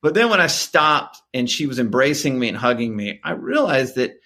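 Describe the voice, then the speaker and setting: A middle-aged man, a guest on a podcast, telling a family story in casual talk and acting out the voices in it. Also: moderate pace. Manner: animated, acts out dialogue with sharp pitch jumps.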